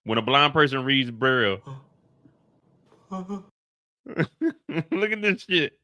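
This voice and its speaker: Bright-voiced man on a casual live stream. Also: medium pitch, lively intonation, slow. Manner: profane, laughing, loose slangy banter. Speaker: streamer reacting to a show.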